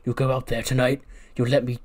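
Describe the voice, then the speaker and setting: A man voicing a menacing adult male wrestler who barks threats in a loud voice. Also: medium pitch, level tone, a little fast, close to an everyday voice. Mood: threatening.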